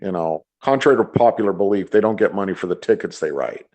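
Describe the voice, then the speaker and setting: Casting: male podcast co-host, low-ish voice, opinionated, stammers into his points. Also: lively intonation, fast, a little mellow, highs cut off. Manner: repeats words when starting sentences. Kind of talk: casual chat, opinionated rant.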